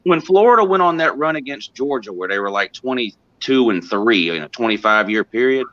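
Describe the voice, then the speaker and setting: A man talks in an even, explanatory way and works through his points step by step. His audio sounds dull and muffled, as if coming over an online call. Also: medium pitch, a little fast. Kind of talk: casual chat.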